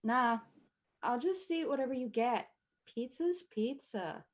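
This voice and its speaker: A woman's voice: on the high side, lively intonation, measured pace. A woman playing an indifferent friend in a comedy sketch, shrugging things off.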